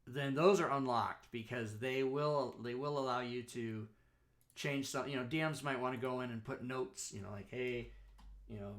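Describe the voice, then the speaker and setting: A man hosts a live-streamed talk show, rambling chattily through a software walkthrough and often correcting himself. His mid-range voice keeps a steady tone at a moderate pace.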